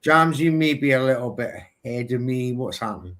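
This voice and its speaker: A British man co-hosting a live boxing watchalong from a home streaming setup. He is excitable and energetic in his play-by-play. His voice sits at a middling pitch. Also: fairly quick. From Britain. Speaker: co-host.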